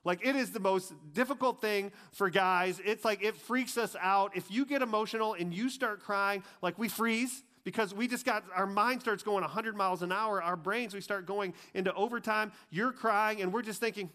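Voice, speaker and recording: A man with a fairly high voice preaches a conversational sermon. He talks loosely, full of asides and everyday comparisons. When a point turns serious, he goes hushed and grave. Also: normal speed, hardly any pauses. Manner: casual, chatty preaching with many "like"s and asides. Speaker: pastor.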